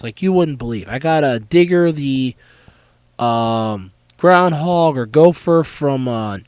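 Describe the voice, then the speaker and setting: A man with a high, animated voice hosts a casual solo podcast, sounding nasal and congested from a cold. He rambles along with plenty of fillers and pauses. The sound is dry and close, with a smooth, clear tone under the stuffiness. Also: no room sound, low-quality recording. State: nasal from a head cold, sore throat. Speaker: podcast host.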